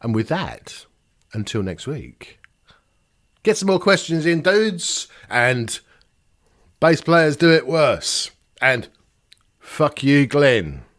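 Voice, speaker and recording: A man's voice: a little high, sing-song, takes it slowly, pauses often, fairly bright tone. An older man, hosting a casual Q&A vlog in a rambling, self-mocking way, often laughing at himself. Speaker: vlog host answering viewer questions.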